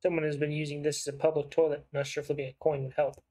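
Slightly high-voiced man playing a game. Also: level tone, fast, mellow. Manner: casual and offhand. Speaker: gaming channel host. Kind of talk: let's play commentary.

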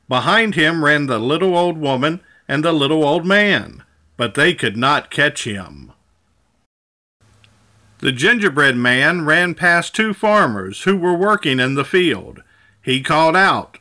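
A man narrating a children's storybook aloud with a measured, clear reading. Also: fairly high pitch, lively intonation, pushed and bright.

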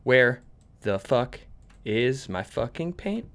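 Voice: mid-range voice, sing-song, slow pace, fairly bright tone. A gamer commenting on a horror game, swearing constantly and breaking into screaming outbursts. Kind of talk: horror let's play commentary.

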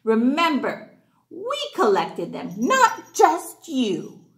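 A woman's voice: high voice, wildly swooping pitch, drawn-out words, full character voice. Give me a cross little crab who snaps back, put on by a woman reading a children's story, in an echoey room. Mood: resentful. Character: angry male crab, quick to snap back.

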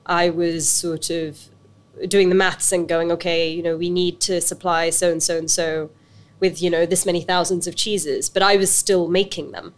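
A woman's voice: lowish voice, moderate pace. British woman telling her story, chatty. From Britain. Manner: animated storytelling with many restarts and fillers. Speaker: actress and business owner, guest. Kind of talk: casual interview conversation.

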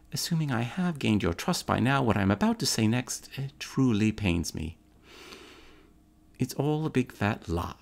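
Guy faking a posh british accent, smug clever gent, gravelly low voice that swoops around a lot. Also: darkish tone, heavily acted. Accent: British, put on. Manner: self-assured and wry. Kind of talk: theatrical monologue to the audience.

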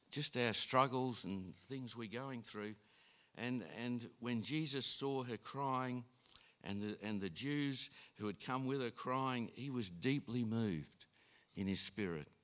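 A man preaching a sermon in an unhurried way, with frequent restarts and fillers. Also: medium pitch, a bit bright. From Australia. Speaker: pastor.

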